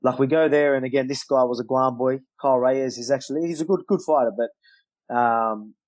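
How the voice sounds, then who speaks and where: Male guest, lively storyteller, swears freely, dry close mic. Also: mid-range voice, moderate pace, no room sound, poor audio. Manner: animated storyteller, loose swearing, acts out quotes. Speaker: guest, professional fighter. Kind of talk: storytelling in casual interview.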